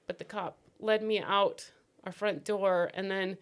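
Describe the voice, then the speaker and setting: A woman giving emotional personal testimony as a podcast guest, grief-stricken and near tears, speaking in halting, broken phrases that sometimes drop to a whisper. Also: mid-range voice, fairly even intonation, smooth. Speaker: podcast guest, bereaved mother.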